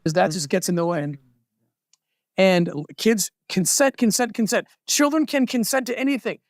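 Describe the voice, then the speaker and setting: A man's voice: high-pitched, moderate pace, no echo, studio quality. A man speaking as a guest in a played TV interview, talking in an impassioned, emphatic way.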